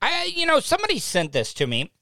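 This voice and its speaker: A man's voice: very high-pitched, wildly swooping pitch, fast, vocal fry, pushed and bright, no room sound. A man hosting a casual live podcast from a home studio, rambling and self-deprecating, often repeating himself. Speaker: podcast host. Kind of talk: casual live-stream chat. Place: home studio lit with lamps. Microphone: desk podcast mic with a mixing board.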